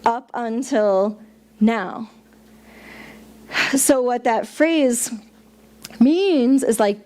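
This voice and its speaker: A woman's voice: on the high side, a little mellow. A middle-aged woman minister giving a chatty, playful sermon to a congregation, joking along the way. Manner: chatty, playful, laughs at own jokes. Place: church sanctuary.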